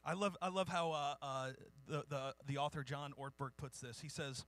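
Bright high-voiced male pastor. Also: moderate pace, hardly any pauses. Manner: informal, self-deprecating, reads historical quotes. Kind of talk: sermon.

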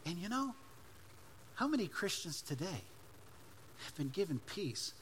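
Male preacher, higher-pitched, emphatic sermon delivery. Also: big pitch swings, measured pace, slight background noise. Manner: emphatic preaching, swinging between loud and hushed. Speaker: pastor.

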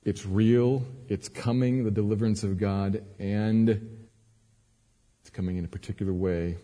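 A man preaching a sermon as a pastor, moving between quiet earnest teaching and raised, emphatic cries. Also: on the low side, fairly even intonation, a little slow. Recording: long hall reverb.

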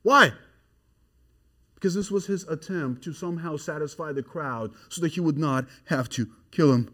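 A man's voice: a little high, normal speed. Emphatic man preaching a sermon. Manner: emphatic, swinging from quiet to loud and excited. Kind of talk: expository sermon.

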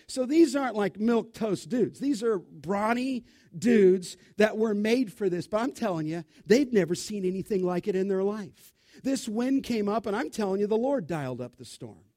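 A man preaching a sermon in an animated, emphatic, conversational way, full of rhetorical questions. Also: sits high, moderate pace.

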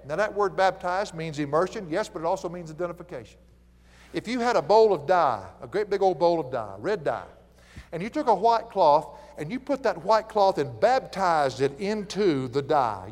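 A man's voice: fairly high pitch, big-room sound. A man with a Southern US accent preaching a folksy sermon, telling stories and chuckling as he teaches. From American South. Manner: folksy, animated storytelling with chuckles.

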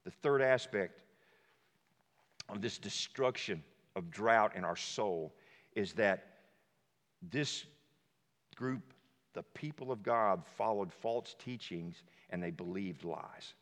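A male pastor delivers a sermon with a sharp, forceful edge to his voice. He swings from low, hushed stretches to emphatic shouts. His words ring out with a long reverb, as in a large hall. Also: takes it slowly, pauses often.

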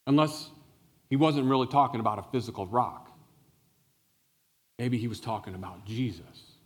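A male pastor preaching a sermon, telling a Bible story with animated explanation and questions to the listeners. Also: medium pitch, moderate pace. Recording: long reverb of a large hall.

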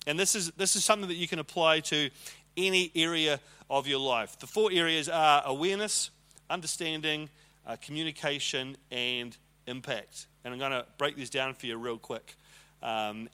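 A man's voice: on the high side, sharp tone. A man teaching on leadership in a conversational sermon style, acting out arguments with quoted voices.

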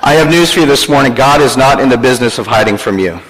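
A man's voice: medium pitch, lively intonation, quick pace, long reverb tail, over a noisy crowd, poor audio. A man preaching a sermon as pastor, joking and teasing his congregation.

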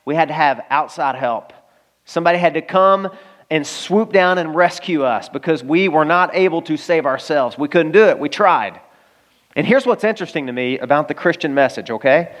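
A man from Arkansas preaching a sermon, telling a personal story in a lively, conversational way and speaking straight to his listeners. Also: fairly high pitch. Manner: animated storytelling, conversational, addresses listeners directly. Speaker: pastor.

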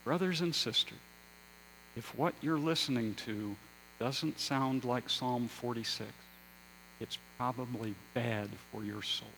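A man preaching a sermon as pastor, slow and measured, building to loud emphasis and then dropping to a hush. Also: mid-range voice, vocal fry, a little hiss or hum, rough recording.

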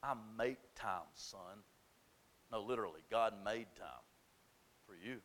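Man, pastor, sermon, bright tense tone, shouting and hushed by turns. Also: lowish voice, lively intonation, a little slow, slight background noise. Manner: preaching with sudden shouts and hushed drops.

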